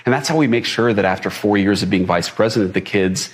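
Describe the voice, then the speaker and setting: Middle-aged politician, man, low voice, easy conversational delivery, lots of "like" and restarts. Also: quick pace. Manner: relaxed, many fillers and restarts. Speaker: politician being interviewed. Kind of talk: casual interview answers.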